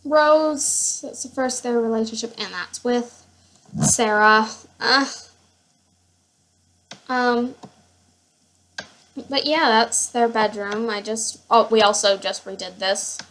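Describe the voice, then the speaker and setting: Gushing, slow-talking woman with a high voice. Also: a bit bright, slight background noise. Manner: gushing, rambling, many fillers and self-interruptions. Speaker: gamer showing her household. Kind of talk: casual gameplay commentary.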